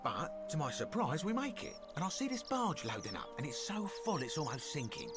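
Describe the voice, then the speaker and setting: A man's voice: on the high side, wildly swooping pitch, fairly quick. Decius, a sly Roman con man. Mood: boastful. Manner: sly, boastful storytelling. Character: greedy scheming male Roman merchant, smooth con man. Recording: game audio with music behind.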